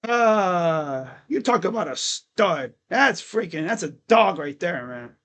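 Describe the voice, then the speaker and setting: Brief: fed-up male sports vlogger, high pitch, slow deliberate delivery, mocking and profane. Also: animated, fairly bright tone. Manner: exasperated, mocking, swears. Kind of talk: casual sports rant.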